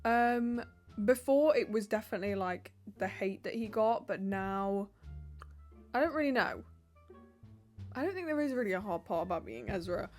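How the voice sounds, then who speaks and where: A young-sounding woman answers viewer questions in a relaxed vlog, chatty and bubbly, with her pitch at an everyday middle. She talks quickly and drops in plenty of fillers, with soft music running underneath. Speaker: YouTuber and roleplay voice actor. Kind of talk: casual Q&A vlog.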